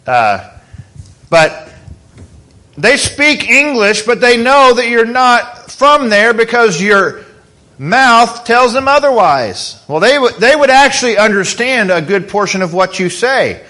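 A man's voice: very high-pitched, very animated, slow pace, pushed and bright. A man preaching a sermon as pastor, in a conversational way, asking the congregation questions.

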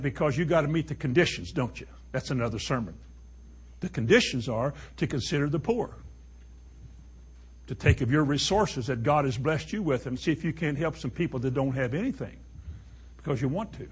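A man's voice: a little high, lively intonation, moderate pace, pauses often, breathy edge. A man preaching a sermon to a congregation, emphatic and full of rhetorical questions.

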